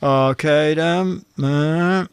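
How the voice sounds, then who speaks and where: A man's voice: on the high side, drawn-out words, smooth, dry recording. A man hosting a casual streamed show, reading viewer answers aloud, fumbling through his papers and chuckling at the jokes. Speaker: show host.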